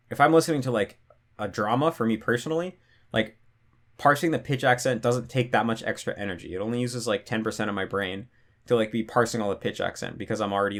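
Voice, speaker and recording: A young man hosting a casual Q&A, explaining things loosely with lots of "like" fillers and restarts. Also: on the low side. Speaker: language-learning channel host. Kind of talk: casual Q&A monologue.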